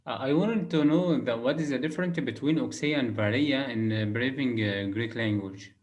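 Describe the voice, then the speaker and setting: Male student on a video call, mid-pitched voice, hesitant and filler-heavy questions. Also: normal speed. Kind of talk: online tutoring session.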